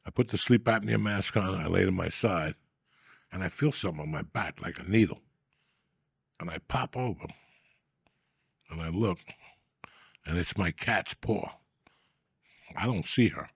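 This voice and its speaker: A man's voice: low-pitched, a little slow, gravelly, pauses often, husky, dry recording, studio quality. A man hosting a comedy podcast, telling profane, rambling stories in crude casual banter.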